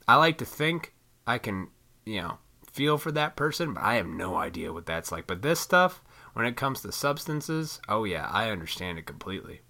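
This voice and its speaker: A man with a low voice rants into a microphone, swearing freely and preaching bluntly. His pitch swings widely from line to line. His tone is bright and forceful. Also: big pitch swings, moderate pace, vocal fry. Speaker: solo podcast host. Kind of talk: ranting monologue into a microphone. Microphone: studio microphone.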